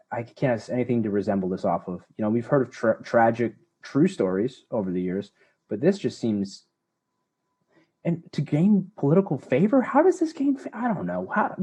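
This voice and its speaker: Husky-voiced stammering young man. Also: mid-range voice, dark tone. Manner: halting, stammering storyteller. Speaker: podcast co-host. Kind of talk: casual chat.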